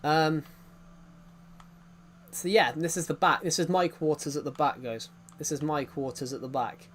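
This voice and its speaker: A man's voice: fairly high pitch, fairly even intonation, moderate pace. A young British man streaming a game, giving a rambling casual tour with lots of fillers and restarts. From Britain.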